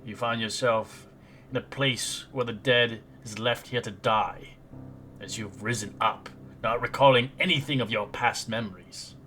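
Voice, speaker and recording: Man, game master, rambling halting narration, faint background music. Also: mid-range voice, fairly even intonation, bright, forceful tone.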